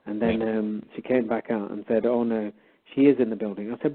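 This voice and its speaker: A man's voice: lowish voice, a little fast. A man casually telling a story and quoting both sides of a conversation. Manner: animated retelling, quoting both sides of a dialogue. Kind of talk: casual storytelling on a call-in show. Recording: phone-line audio.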